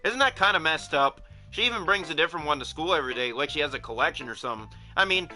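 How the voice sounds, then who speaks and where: A man's voice: on the high side, pushed and bright, low-quality recording. A man voicing a confident, chatty teenage girl who runs a school club, talking in a breezy, confiding way.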